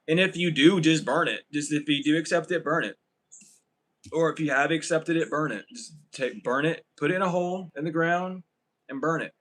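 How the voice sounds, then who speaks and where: A man's voice: fairly high pitch, fairly bright tone, rough recording. Give me a profane, rambling male tarot reader who laughs often. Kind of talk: casual spiritual reading.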